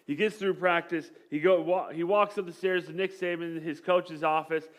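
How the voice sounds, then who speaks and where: A man preaching a sermon to his church, conversational and joking, telling a story with lively acted-out quotes. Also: fairly high pitch, moderate pace. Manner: conversational, with jokes and light laughs. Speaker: pastor.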